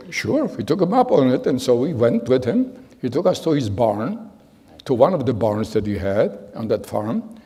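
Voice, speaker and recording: Older man with a husky, gravelly voice. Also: medium pitch, dark tone. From Germany. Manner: storytelling, acts out quoted voices. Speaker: Holocaust survivor speaker. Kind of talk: personal testimony talk. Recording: hall with long reverb.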